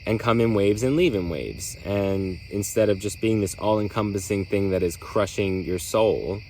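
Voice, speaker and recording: Man, low voice, candid rambling solo talk, faint insect hum behind. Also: moderate pace, darkish tone, rough recording. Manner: candid, rambling, filler-heavy. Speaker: podcast host.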